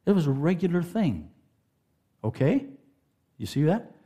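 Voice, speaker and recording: A middle-aged man preaching a sermon in a folksy, animated storytelling way, laughing and putting on voices. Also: fairly high pitch, a little slow, breathy edge. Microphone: handheld mic.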